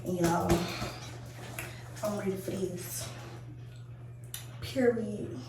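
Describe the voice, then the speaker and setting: A woman's voice: mid-range voice, steady tone, moderate pace. A young woman making a casual prank vlog in a car, talking back in a sassy, teasing way. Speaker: vlogger. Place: inside a car. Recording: echoey, distant, loud road noise.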